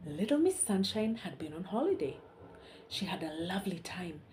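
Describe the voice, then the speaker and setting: A woman reading a story aloud to young children, soft and hushed, pausing to ask the listeners questions. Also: on the low side, big pitch swings, a little hiss or hum.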